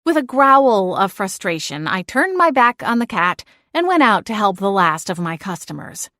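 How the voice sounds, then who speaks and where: A woman reading a first-person audiobook, narrating with expressive, exasperated dialogue. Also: medium pitch, dry recording, clean studio sound.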